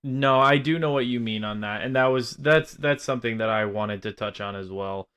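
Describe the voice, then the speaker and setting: A man's voice: mid-range voice, moderate pace, a bit bright, clean tone. A man co-hosting a casual film review chat, rambling and swearing freely as he airs his gripes. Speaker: film podcast co-host.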